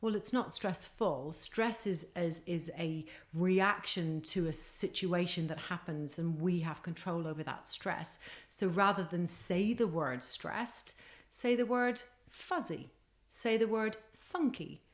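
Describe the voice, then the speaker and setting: A middle-aged woman with a slightly low voice talks as a podcast guest. She sounds earnest and emphatic, and she keeps pressing her motivational points. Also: slow pace. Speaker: guest author. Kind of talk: podcast conversation.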